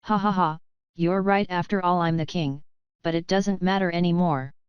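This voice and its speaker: A composed young king who speaks with formal, unhurried calm, read by a woman. The voice sits fairly low, very clean and smooth, recorded dry and close with no room sound. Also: no echo, dull audio, lightly acted.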